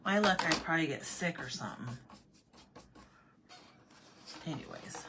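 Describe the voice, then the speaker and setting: A woman originally from Arizona telling a funny everyday story in a casual vlog, animated, repeating herself and laughing often. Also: sits low, measured pace, creaky, noisy background. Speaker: vlogger.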